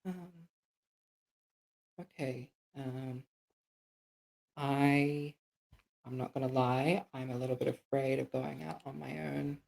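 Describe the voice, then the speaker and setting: Tabletop player, man, slow and halting, gravelly fry. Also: medium pitch, steady tone, darkish tone, low-quality recording. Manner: hesitant, halting, nervous. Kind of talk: playing a character in a tabletop game.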